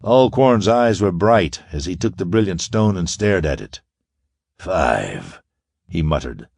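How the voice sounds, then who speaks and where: A man narrating a pulp sci-fi audiobook in expressive storytelling fashion. His voice is very deep, with a lively, swinging melody. The recording is close and dry. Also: moderate pace, dry recording.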